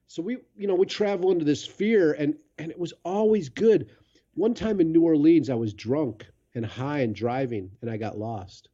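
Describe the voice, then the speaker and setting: A man's voice: on the high side, moderate pace, warm tone, dull audio. A man from Chicago telling candid, profane stories as a podcast guest, turning reflective as he goes. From Chicago, USA. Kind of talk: casual storytelling.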